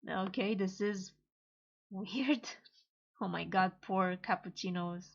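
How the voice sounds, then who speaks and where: Female, casual comic reader-translator; hesitant, unhurried delivery, muffled home mic. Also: mid-range voice, steady tone, creaky. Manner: hesitant, halting, many pauses and fillers.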